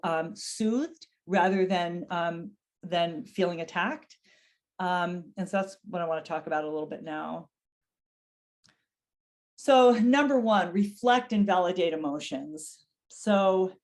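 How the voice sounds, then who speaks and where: A woman's voice: lowish voice, a little mellow. A middle-aged woman giving an educational webinar on dementia care, speaking earnestly and acting out example phrases in a raised voice.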